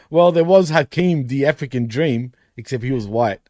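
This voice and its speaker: A man's voice: mid-range voice, measured pace, dark tone, no room sound, studio quality. A man co-hosting a casual wrestling recap show, laughing often and swearing, calling his co-host dude and bro.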